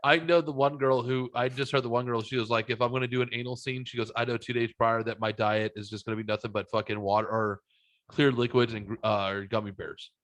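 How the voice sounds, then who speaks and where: A man's voice: medium pitch, fairly even intonation, fast talker, fairly bright tone, no echo. A man hosting a podcast, chatting casually with crude, joking banter. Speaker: podcast host. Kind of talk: casual chat.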